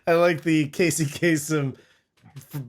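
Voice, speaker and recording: A man's voice: a little high, fairly even intonation, a little slow. A man hosting a movie review podcast in a laid-back, joking casual chat. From United States. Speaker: podcast host.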